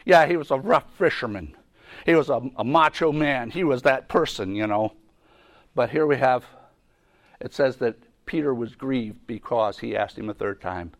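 A man's voice: mid-range voice, moderate pace. A man teaching a Bible lesson in a conversational way, often repeating himself and restarting sentences. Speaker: preacher.

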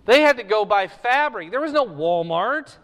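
A man with a notably high voice gives a Bible class, pausing often to ask "okay?" to keep his students with him. His voice carries a long reverb of a large hall. He talks in the manner of a teacher walking through his notes. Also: lively intonation, fairly bright tone. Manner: often checks in with a questioning "okay?".

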